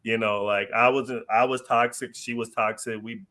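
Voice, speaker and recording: A man's voice: medium pitch, steady tone, normal speed, sharp tone, a little hiss or hum. A man guesting on a podcast, telling a personal story in a loose, slangy way with lots of "like" and "you know" and laughter mixed in.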